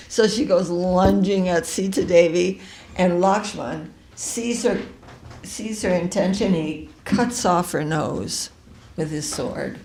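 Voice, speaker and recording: Slow-talking lady storytelling, low-ish voice, echoey room with a bit of hiss. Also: darkish tone. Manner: chatty, digressive, self-correcting. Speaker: devotional reader. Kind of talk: storytelling scripture reading.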